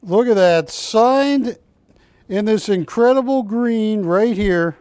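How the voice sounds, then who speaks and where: A middle-aged man calls bids on a live shopping broadcast, drifting into jokes and asides. His voice sits high and moves at an unhurried pace, recorded close and dry in the studio. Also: a little mellow, smooth, no echo. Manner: chatty, jokey, rambling between bid calls. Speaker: auctioneer host of a shopping show. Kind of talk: live TV auction sales patter.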